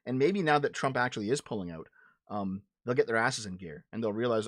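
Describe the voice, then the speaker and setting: Answering his chat with political commentary, this male livestream host is blunt and profane, often restarting and repeating words as he heats up. He sounds medium-pitched, animated, and quick, in studio-quality audio with no room sound.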